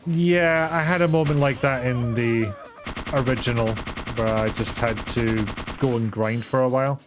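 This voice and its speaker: A man's voice: medium pitch, fairly even intonation, normal speed, over music. A young man streaming gameplay with casual, sarcastic, swear-filled commentary and self-mocking asides. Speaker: game streamer.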